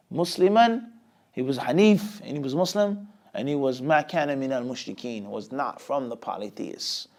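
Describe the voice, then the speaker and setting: A man teaching an Islamic lesson, often asking a rhetorical question and answering it himself, with sudden swings between loud and quiet. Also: medium pitch. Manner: lively, with many sudden rises and drops in loudness. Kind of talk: lecture class.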